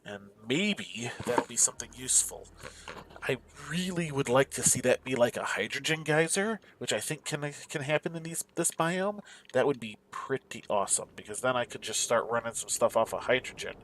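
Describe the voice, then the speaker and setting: A man's voice: medium pitch, lively intonation, moderate pace, fairly bright tone, a little hiss or hum. A man giving casual, mumbling let's-play commentary, musing aloud to himself as he searches around a game map. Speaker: gameplay commentator.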